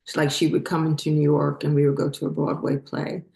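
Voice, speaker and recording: A middle-aged woman hosting her own channel, telling her spiritual story in a halting, emotional way that chokes up at times. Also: low voice, flat delivery, vocal fry, a little mellow. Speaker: channel host. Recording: roomy echo.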